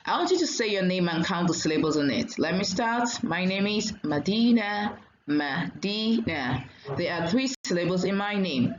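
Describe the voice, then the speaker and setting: A woman teacher giving a diction lesson, saying each word slowly and clearly and repeating it for learners. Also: medium pitch, reverberant, dull audio, slight background noise.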